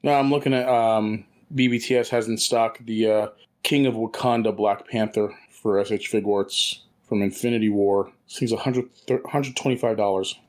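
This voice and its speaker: Chatty man with a lowish voice. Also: steady tone, moderate pace, hardly any pauses, a little mellow. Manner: chatty, rambling with restarts. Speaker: podcast co-host. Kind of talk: casual chat.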